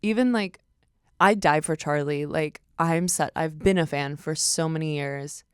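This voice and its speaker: A young woman appears as a podcast guest, telling stories in casual chat, swearing freely and acting out what people said. Her low voice is unhurried and smooth, recorded at studio quality without echo.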